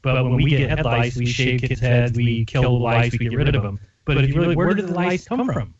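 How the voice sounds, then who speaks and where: A man's voice: mid-range voice, brisk, dull audio. A man hosting a radio talk show, chatting casually and chiming in eagerly with his guest.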